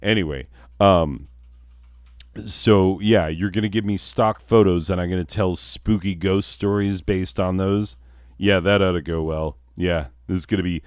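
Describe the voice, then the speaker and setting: A man's voice: deep voice, a little mellow, no room sound, studio quality. A man hosting a comedic mock TV show, grumbling sarcastically at his off-screen crew. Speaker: comic show host. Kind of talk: comedic mock TV-host monologue.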